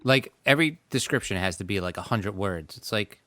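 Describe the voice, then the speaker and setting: A man's voice: fairly low pitch, expressive, fairly quick, sharp tone, dry recording. A man co-hosting a casual podcast, dropping wry, dry remarks. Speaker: podcast co-host.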